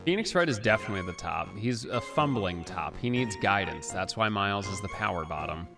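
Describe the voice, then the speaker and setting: A male streamer jokes and chats with viewers in his casual let's-play commentary. His voice is gravelly and lively in pitch, with game music clearly behind him. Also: fairly quick. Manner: joking, chatty with viewers.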